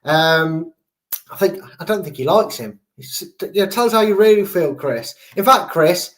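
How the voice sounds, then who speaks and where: A man's voice: high voice, animated, a little slow. A man with an English accent hosting a fan channel, chatting about football in a jokey, rambling way. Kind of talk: casual football preview chat.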